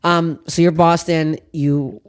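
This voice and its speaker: A woman's voice: low-pitched, steady tone, smooth. Brash, swearing woman podcast host. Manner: brash, swears a lot, rapid tangents. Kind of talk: casual comedic chat.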